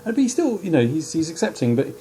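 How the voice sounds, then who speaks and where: A man's voice: fairly high pitch, sing-song, fast, very noisy. A man discussing a poem in a chatty way, with many fillers and tag questions. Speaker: teacher. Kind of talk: poetry analysis discussion.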